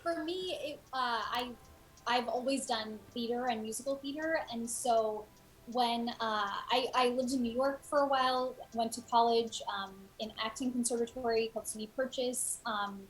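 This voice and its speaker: A woman from Los Angeles with a slightly raised pitch. She sounds enthusiastic and thankful as she recounts her path into the work. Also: normal speed, poor audio. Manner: warm, grateful, enthusiastic. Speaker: voice actor. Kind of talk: casual panel chat.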